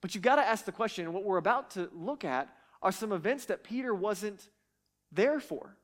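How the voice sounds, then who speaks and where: Teaching from the Bible, a man with a high, light voice speaks earnestly and emphatically, frequently stumbling over repeated words as he pushes on. His intonation is lively and his speed normal.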